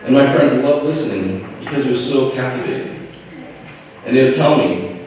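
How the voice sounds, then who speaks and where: A young man giving an informal, halting eulogy for his father from notes, with light humor. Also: medium pitch, animated, darkish tone, a little hiss or hum. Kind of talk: memorial speech from notes. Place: large hall at a memorial gathering. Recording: echoey hall, distant mic.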